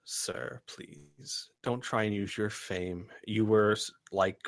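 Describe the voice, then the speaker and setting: An excitable male shopkeeper with a theatrical manner, put on by a man running a tabletop game. He declaims grandly about a prophecy, then haggles pushily over prices. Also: fairly low pitch, takes it slowly. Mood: haggling. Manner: theatrical, swings from grand proclaiming to pushy haggling.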